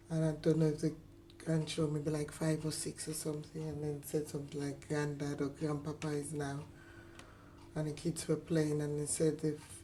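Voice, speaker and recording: Low mellow woman telling anecdotes. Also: slight background noise, rough recording. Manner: anecdotal, acts out quoted voices. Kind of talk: casual group discussion.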